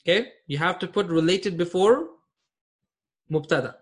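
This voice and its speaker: A man's voice: high voice, moderate pace. A man teaching an online Arabic grammar class, explaining patiently and often checking that students follow.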